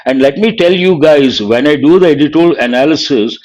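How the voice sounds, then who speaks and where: A man's voice: fairly high pitch, animated, a little mellow, poor audio. A man, teaching vocabulary and grammar by going through a newspaper editorial, asking and answering his own questions. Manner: explains words slowly, asks and answers his own questions. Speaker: English teacher. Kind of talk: live editorial analysis lesson.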